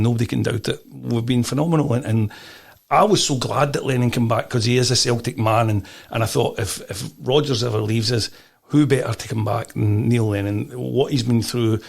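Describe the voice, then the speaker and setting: A middle-aged Scottish man in a casual interview, telling stories with animated restarts and repeated words. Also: mid-range voice, gravelly, slightly rough. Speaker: podcast guest.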